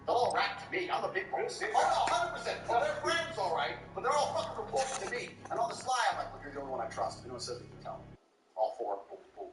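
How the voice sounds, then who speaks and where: A man's voice: high-pitched, huge pitch swings, quick pace. A man chatting casually in a boastful, crude way, swearing freely. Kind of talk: casual chat. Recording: echoey, distant, loud music behind.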